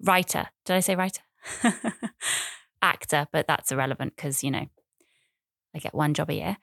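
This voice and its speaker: A woman's voice: sits low, normal speed, creaky, a bit bright, no room sound, studio quality. A woman in her thirties hosting a podcast, talking in a rambling, chatty, self-deprecating way and repeating phrases. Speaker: podcast host. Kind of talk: casual solo podcast monologue.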